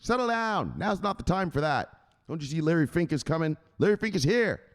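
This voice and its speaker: A man's voice: high voice, expressive, moderate pace, vocal fry, pitched above the performer's own voice, exaggerated voice. A man voicing a stern, bossy male boss who scolds and repeats his orders. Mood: scolding. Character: stern, bossy male crypto enforcer, relentless.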